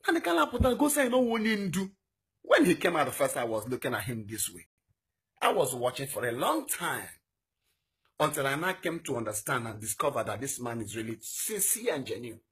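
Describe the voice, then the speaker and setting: A man's voice: big pitch swings, fairly quick, fairly bright tone, husky. A young man with a Nigerian accent making an impassioned, exhorting political appeal, his voice leaping up on rhetorical questions. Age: young adult. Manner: fiery and exhorting, voice swinging high on rhetorical questions. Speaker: political activist.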